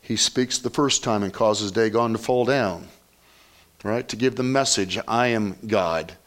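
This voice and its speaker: A man, a pastor, preaching an earnest sermon, praying and then reading scripture aloud with animated storytelling. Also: on the low side, unhurried.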